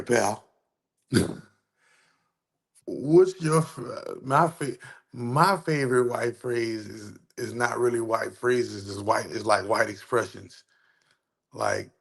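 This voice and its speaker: Animated New Orleans man with gravelly voice. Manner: animated, rambling, rising to incredulous squeaks. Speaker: vlog host. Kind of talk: casual commentary.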